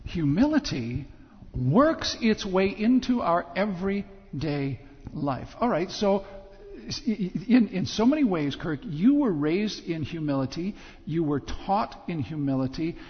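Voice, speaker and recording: A male pastor with a notably high voice questions a guest in front of his congregation. He hesitates and repeats words as he works his way through each question. The sound is muffled and lo-fi, with a long reverb from the sanctuary. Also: big pitch swings. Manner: halting, repeats words while forming questions. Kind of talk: interviewing a guest before a congregation. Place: church sanctuary.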